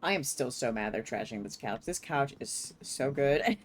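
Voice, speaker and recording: A woman's voice: a bass voice, moderate pace, a little hiss or hum. A woman streaming a story game live, reacting casually with frequent swearing and laughter. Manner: expressive, swears often, laughs readily. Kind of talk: casual live gameplay commentary.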